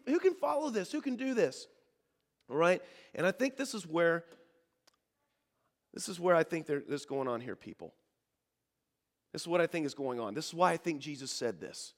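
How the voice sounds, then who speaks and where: A man preaching a sermon to a congregation in a church, animated and leading them in call and response. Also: high voice. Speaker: pastor. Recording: hall reverb.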